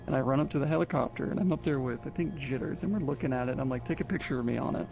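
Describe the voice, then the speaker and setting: A man's voice: mid-range voice, racing, vocal fry, loud music behind the voice. A man telling stories in casual chat, joking and laughing often.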